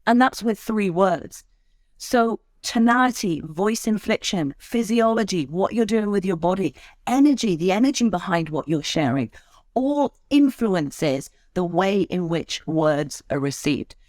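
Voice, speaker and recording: A woman's voice: medium pitch, animated, measured pace, darkish tone, no room sound, studio quality. A woman who works as a speaker trainer, talking expressively as a podcast guest and shifting her tone to make her points. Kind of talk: conversational interview.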